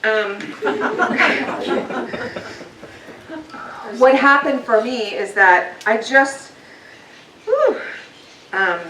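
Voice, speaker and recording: A woman's voice: fairly high pitch, very animated, extremely slow, pauses often, a bit bright. A woman giving a personal motivational talk to a live audience in a meeting hall, candid and conversational with frequent ums. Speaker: guest speaker. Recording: roomy, distant, faint noise.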